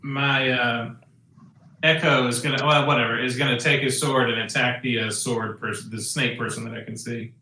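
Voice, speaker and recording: Bright-voiced hesitant male player. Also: mid-range voice, steady tone, normal speed, echoey room, poor audio. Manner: hesitant, full of fillers. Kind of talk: tabletop game play.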